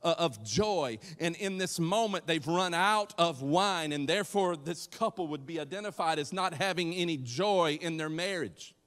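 A man preaches to his congregation in a lively, conversational way, joking and acting out the people in his story. His voice sits a bit high for a man. It rings out with a long reverb from the church hall. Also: moderate pace, hardly any pauses. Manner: animated, conversational, acts out voices and jokes with the congregation. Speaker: pastor. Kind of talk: sermon.

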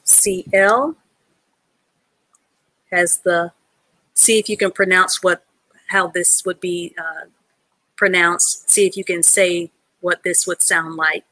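A woman's voice: on the low side, fairly even intonation, takes it slowly, pauses often, sharp tone, dry recording. A woman teaching an adult reading class live online, patiently sounding out letters and words and praising learners from the chat.

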